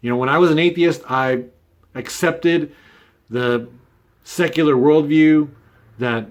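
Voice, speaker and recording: A man's voice: on the high side, takes it slowly. A man hosting his own video, talking through an argument in a casual unscripted monologue full of fillers and asides. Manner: conversational, many fillers and "right?" tags. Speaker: video essay host.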